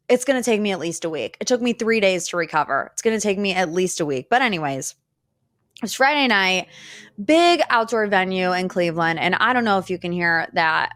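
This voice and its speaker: A podcast host in her 30s chats on her own, telling stories in a dramatic, animated way. Her medium-pitched voice is recorded dry and close with no echo, and a weed whacker hums faintly outside.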